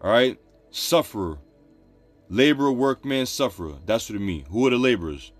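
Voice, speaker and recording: A man's voice: medium pitch, animated, moderate pace, faint music behind. A man preaching a scripture study, reading verses aloud and explaining them emphatically in casual, informal phrasing. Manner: emphatic, repeats points, informal street phrasing between readings.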